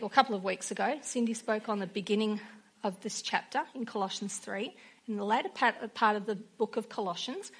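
A woman's voice: fairly high pitch, fairly bright tone, husky. A woman preaching a sermon in an earnest way, weaving in personal stories.

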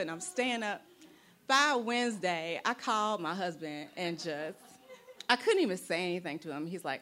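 A young adult woman telling a personal story in an animated, playful way, acting out the voices she quotes. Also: fairly low pitch, moderate pace.

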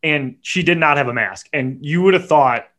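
A man hosting a podcast, telling a story in a profane, animated rant and muttering quick asides. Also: fairly high pitch. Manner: animated and profane, voice jumps up when acting out his own yelling. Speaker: podcast host.

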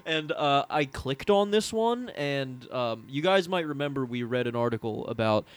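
A man's voice: mid-range voice, expressive, dry recording. A man co-hosting a casual comedy podcast, reading items aloud with many fillers and frequent laughter. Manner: laughs often, reads aloud haltingly with fillers. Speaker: podcast co-host.

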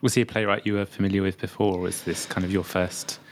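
A man's voice: low-pitched, level tone, a little hiss or hum. A man interviewing student actors, asking questions and murmuring as he listens. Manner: quick, with brief listening murmurs.

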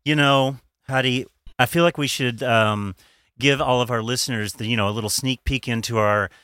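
A man's voice: mid-range voice, steady tone, moderate pace, bright, forceful tone, smooth, no room sound, clean studio sound. A man co-hosting a podcast, joking playfully and laughing often. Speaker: podcast co-host. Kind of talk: joking casual chat.

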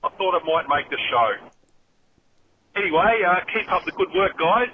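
A man's voice: high-pitched, lively intonation, moderate pace. A man with an Australian accent leaving a rambling voicemail to a podcast while driving, his sentences ending in a rising inflection. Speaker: caller. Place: in a car. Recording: tinny phone line with road noise.

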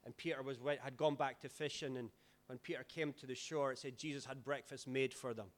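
A Scottish man, a pastor, giving a chatty, relaxed sermon with stories and fillers. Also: mid-range voice, brisk. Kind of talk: informal sermon storytelling.

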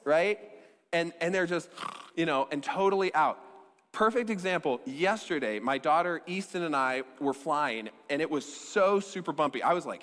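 A man preaching a sermon as pastor, telling stories in a conversational, joking way. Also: a little high. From American Midwest. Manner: conversational, joking, animated storytelling. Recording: long hall reverb.

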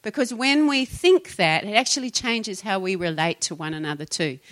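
Middle-aged New Zealand woman pastor, bright tone, chatty and giggly podcast delivery. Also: mid-range voice, expressive, normal speed. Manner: chatty, laughs often, trails off mid-sentence. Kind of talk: casual Christian podcast talk.

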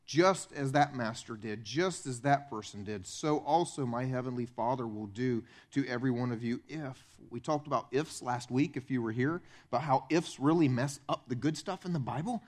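A man preaching a sermon as pastor in a church, animated and conversational, acting out the voices of the people in his stories. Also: moderate pace, hardly any pauses. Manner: animated, acts out quoted voices with big pitch swings.

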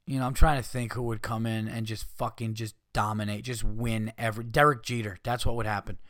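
A man hosting a podcast, ranting casually with heavy swearing and mocking people in put-on high voices. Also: level tone, a little fast, a bit bright, no room sound, studio quality. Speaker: podcast host. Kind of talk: casual rant.

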